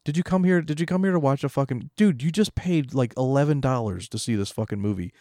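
A man's voice: mid-range voice, fast talker, warm tone, dry recording, clean studio sound. A man co-hosting a podcast, ranting in a casual, profane, mocking way. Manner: ranting, heavy swearing, mocking imitations. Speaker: podcast co-host.

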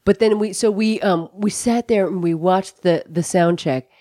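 A woman co-hosting a podcast, telling a story in an animated casual chat that is full of swearing. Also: mid-range voice, normal speed, no echo, clean studio sound. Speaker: podcast co-host.

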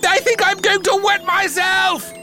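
A man voicing a frantic, eccentric male professor inventor in a storybook reading, shouting and shrieking with high laughter. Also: wildly swooping pitch, unhurried, music in the background, heavily acted. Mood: hysterical.

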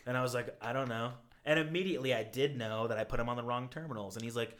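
A man hosting a podcast, telling a story in casual, profane, animated talk. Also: medium pitch, fast talker, hardly any pauses. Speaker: podcast host.

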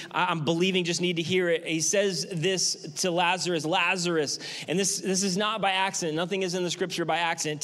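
Male pastor, sermon, high pitch for a man, conversational, emphatic. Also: fairly bright tone.

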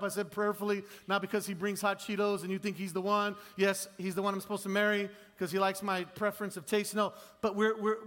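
High-voiced man preaching a sermon. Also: bright, forceful tone. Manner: conversational, self-deprecating, acts out quoted voices. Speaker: pastor.

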